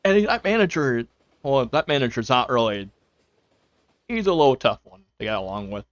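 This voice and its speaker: Very animated and moderately paced, a young man's mid-range voice comes through with no room sound. He's streaming from home, rambling to his audience with many fillers and bits of quoted self-talk. The dull lo-fi recording holds faint music behind him.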